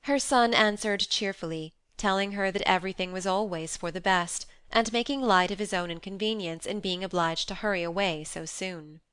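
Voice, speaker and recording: A woman narrating an audiobook in a measured, even storytelling manner. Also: medium pitch, clean tone, dry recording.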